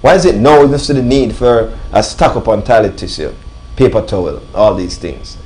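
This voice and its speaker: A man hosts a live radio talk show from a studio. His voice sits fairly low, and he talks in an emphatic, preacher-like way, leaning on repeated phrases and calling out to his listeners. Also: expressive, normal speed. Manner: emphatic, repeats "ladies and gentlemen". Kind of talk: live talk radio monologue with sponsor reads.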